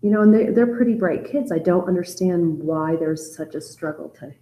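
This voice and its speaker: A woman's voice: fairly low pitch, normal speed, mellow, roomy sound, a little hiss or hum, low-quality recording. A woman teacher leading a casual storytelling class discussion, talking in a conversational, hesitant way with many fillers.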